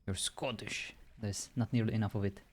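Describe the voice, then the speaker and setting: A man's voice: on the low side, fairly even intonation, normal speed, slightly rough. Giggly man streaming with faint music. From Europe. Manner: giggly, laughs often, joking. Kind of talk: casual chat with viewers.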